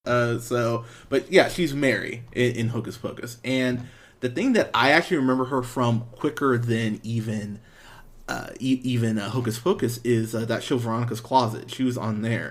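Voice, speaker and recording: A man hosting a podcast, giving a casual, rambling movie review with frequent laughs and restarts. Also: medium pitch. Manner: rambling, animated, laughs often, fillers and restarts.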